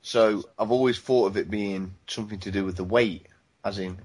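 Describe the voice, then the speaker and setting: A man's voice: on the low side, fairly even intonation, normal speed, a little mellow, breathy edge. A man, co-hosting a casual podcast chat, rambling and swearing freely. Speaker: podcast co-host.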